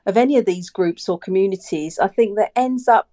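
A woman's voice: mid-range voice, a little fast, warm tone. A woman joining a podcast as a guest, chatting casually and hesitantly, often repeating her words. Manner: hesitant, repeats herself, plays it safe.

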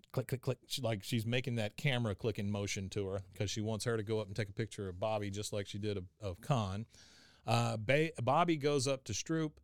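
A man co-hosting a podcast, walking through an episode with lively, laughing delivery. His voice is smooth and clear. The recording is dry and close. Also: fairly low pitch, dry recording. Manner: animated, laughs, acts out lines. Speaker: podcast co-host recapping an episode. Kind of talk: casual chat.

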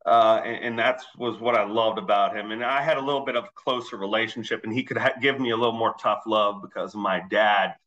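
A male swim coach tells stories in a relaxed, easygoing way as a podcast guest. His voice is bright and forceful, and the recording sounds a little dull and lo-fi. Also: lowish voice, brisk, few pauses. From Philadelphia area, raised in Texas. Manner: easygoing storytelling with fillers. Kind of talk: casual podcast interview.

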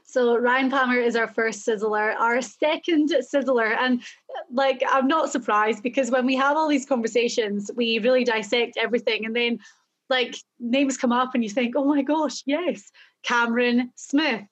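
A woman's voice: on the high side, fairly even intonation, moderate pace, dull audio. A woman hosting a casual golf betting chat, upbeat as she reads out stats and runs the segment. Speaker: golf show host.

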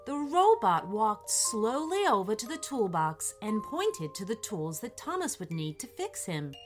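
A woman reading a children's bedtime story aloud in an expressive, lilting voice. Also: mid-range voice, a little slow, faint music behind.

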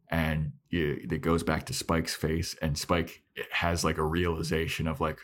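A man's voice: very deep voice, little pitch movement, normal speed. A man co-hosting a podcast, casually retelling scenes and acting out the characters' lines. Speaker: podcast co-host. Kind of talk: casual recap chat.

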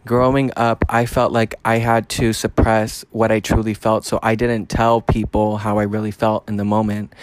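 A man hosting a podcast, telling a personal story in a casual monologue, blunt and profane, his voice rising in pitch when he gets fired up. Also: little pitch movement, moderate pace, few pauses, no room sound. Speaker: podcast host.

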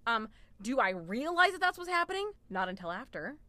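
A woman appearing as a podcast guest, her voice bright and a little high. The recording is dry and close. She rambles casually and pokes fun at herself. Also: big pitch swings, a little fast, no room sound. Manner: rambling, self-deprecating, laughs easily. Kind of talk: casual chat.

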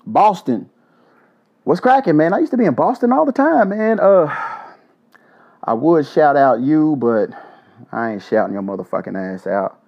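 A man hosting a casual solo podcast, blunt and profane, giving joking shout-outs. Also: a little high, very animated, normal speed, pauses often. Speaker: podcast host. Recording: dull lo-fi audio.

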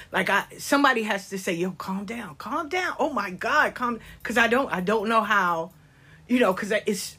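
A middle-aged woman sharing life lessons in a passionate, animated monologue, dropping into whispered asides. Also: fairly low pitch, husky. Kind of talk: conversational monologue.

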